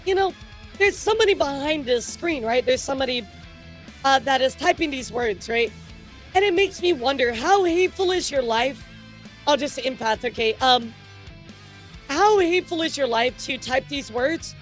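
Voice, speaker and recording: A woman's voice: high voice, expressive, moderate pace, faint music behind. A woman hosting a live stream, talking casually to her chat, chatty and repetitive with frequent laughs. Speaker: streamer news host.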